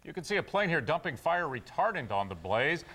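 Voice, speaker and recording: A man reads news headlines as a television anchor. His voice sits slightly high, and his delivery stays steady and plain. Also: a little fast, husky. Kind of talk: TV news reading.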